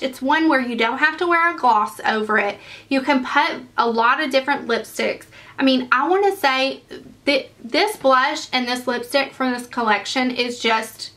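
A young woman talks through her makeup favorites in a loose, chatty way. Her voice sits a little high and rings bright and forward. She gushes over each product with eager enthusiasm. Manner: gushing, enthusiastic. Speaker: beauty vlogger. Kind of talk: casual makeup favorites chat.

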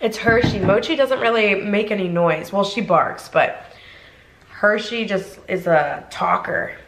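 A woman's voice: mid-range voice, measured pace, gravelly, a bit bright, roomy sound, slight background noise, low-quality recording. Chatty young woman vlogging in a car. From Ohio, USA. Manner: chatty, rambling with many fillers. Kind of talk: casual mukbang chat. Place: inside a car.

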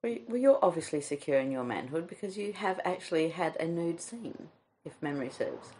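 An Australian woman hosting a casual comedy podcast chat, telling stories with lively quoted asides. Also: sits low, fairly quick. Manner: storytelling, animated quotes. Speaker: podcast host.

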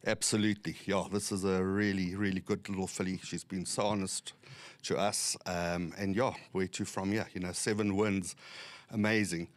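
A man, a racehorse owner speaking warmly and proudly in a post-race interview. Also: deep voice, little pitch movement, moderate pace, dry recording. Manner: warm, proud, thanking the team.

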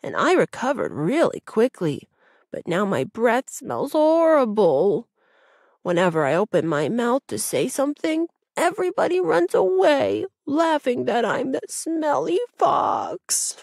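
A woman's voice: a little high, very animated, unhurried, vocal fry, a little mellow, husky, no echo, studio quality, voice pushed up, heavily acted. A woman voicing a lonely, miserable little male fox in a children's audiobook. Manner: miserable, hesitant.

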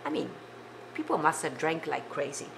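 A woman's voice: low voice, lively intonation, normal speed, creaky, fairly bright tone, slight background noise. A woman from Italy, hosting a casual live cooking stream from her home kitchen, chatty and rambling as she talks to viewers. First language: Italian.

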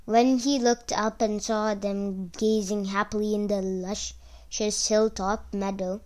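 A woman reading a children's fairy tale aloud in an expressive storytelling manner. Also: medium pitch, slow pace.

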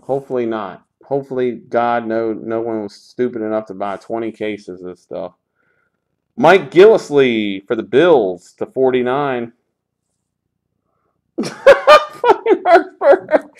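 A man's voice: medium pitch, normal speed, darkish tone. A man hosting a live sports card break, calling out pulls in a sarcastic, grumbling, profane way.

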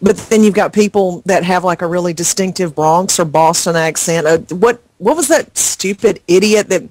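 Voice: medium pitch, moderate pace, a little mellow, dry recording, poor audio. An actor rambling in casual podcast chat, laughing often and sounding exasperated.

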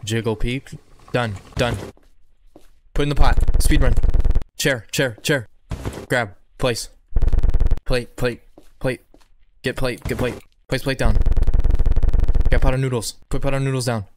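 A man giving excitable horror game playthrough commentary, talking back to the game and repeating himself. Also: mid-range voice, a little slow, long pauses. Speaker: gaming video creator. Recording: noticeable background noise.

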